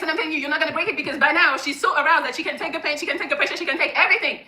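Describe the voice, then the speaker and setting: A woman's voice: high-pitched, racing, pushed and bright, reverberant. A woman giving blunt, profane how-to advice, demonstrating as she explains. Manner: frank and profane, demonstrating with hands. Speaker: sex-advice presenter. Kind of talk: blunt instructional talk.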